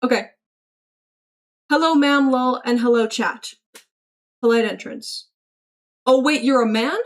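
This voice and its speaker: A woman's voice: sits high, unhurried. A woman streamer chatting casually and reacting aloud as she reads her chat, swearing freely and laughing often. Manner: chatty, reacts aloud while reading messages. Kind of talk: casual livestream chat reading.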